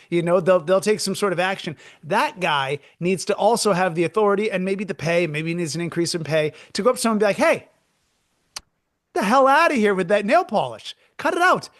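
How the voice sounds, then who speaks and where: A man co-hosting a comedy podcast, telling stories in an excitable, ranting way with stammering restarts. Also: high voice, quick pace, few pauses, dry recording, clean studio sound. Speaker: podcast co-host. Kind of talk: comedic rant.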